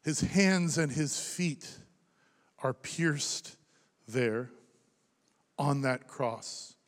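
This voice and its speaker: A man in his thirties preaching a sermon as pastor, impassioned, rising to loud emphasis and dropping to hushed near-whispers. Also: medium pitch, drawn-out words. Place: church sanctuary. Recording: long reverb of a large hall.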